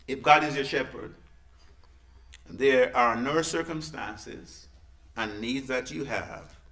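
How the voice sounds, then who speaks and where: Man, preacher, sermon, lively folksy delivery, bright tone, roomy church echo. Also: mid-range voice. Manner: lively, folksy preaching with sudden loud peaks and hushed asides. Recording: echoey church room.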